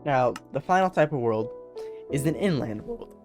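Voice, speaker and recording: A young man talks through a gameplay video in an easygoing, meandering way, often stumbling and correcting himself as he goes. His voice sits at an ordinary middle pitch, with faint music playing underneath. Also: animated, normal speed. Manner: rambling, self-correcting, repeats words. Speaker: let's play host. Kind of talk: casual gameplay commentary.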